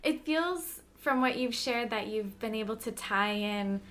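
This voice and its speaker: Slow-talking woman host reacting. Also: a little high, animated. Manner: warm laughter and short exclamations. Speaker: podcast host. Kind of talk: interviewer reactions.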